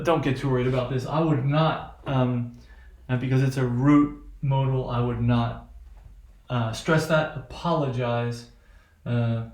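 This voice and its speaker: A man teaching a lesson, halting and full of fillers, often checking with "right?". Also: medium pitch, darkish tone, reverberant. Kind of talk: lecture.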